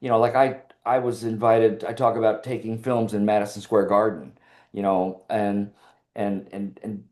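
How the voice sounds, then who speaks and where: An older man, a podcast guest, telling personal stories in a relaxed interview and acting out the lines of others. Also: on the low side, normal speed. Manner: animated storyteller who acts out quoted dialogue. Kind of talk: casual interview storytelling.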